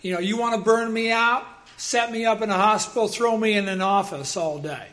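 Preaching as a pastor, this man recounts personal anecdotes with animation, now and then erupting into loud dramatized quotations. He speaks fairly quickly, in a high register.

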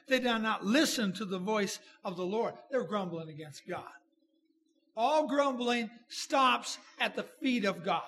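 A pastor delivers a passionate sermon in a very high, forceful voice. He swings from loud outbursts to quiet, low murmurs. Faint ambience sits under the recording. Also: slight background noise.

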